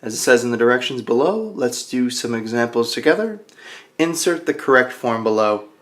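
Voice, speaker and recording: A man teaching a grammar lesson to English learners, playful and speaking slowly and clearly. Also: mid-range voice, lively intonation. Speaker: ESL teacher.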